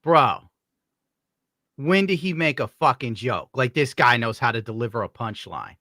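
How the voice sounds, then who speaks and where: A man's voice: medium pitch, lively intonation, moderate pace, bright, forceful tone, no echo, clean studio sound. A man hosting a live stream, talking in casual, sardonic, profane banter. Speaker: streamer host.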